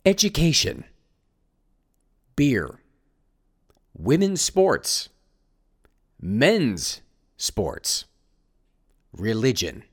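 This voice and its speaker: A man's voice: mid-range voice, wildly swooping pitch, very slow, pauses often, husky. A man hosting a commentary show, reading news items aloud and mocking them with sarcastic asides. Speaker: host.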